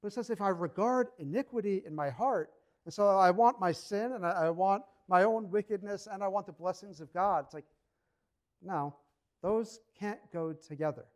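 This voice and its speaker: A man's voice: sits high, normal speed, a little mellow. A man preaching a sermon in a conversational, emphatic way, acting out short quotes as he goes. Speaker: pastor.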